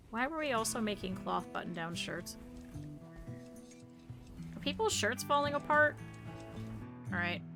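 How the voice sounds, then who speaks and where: A woman's voice: a little high, animated, slow pace, long pauses, music in the background. A woman streamer commenting on her gameplay live, chatting with her viewers, scolding her characters and swearing freely.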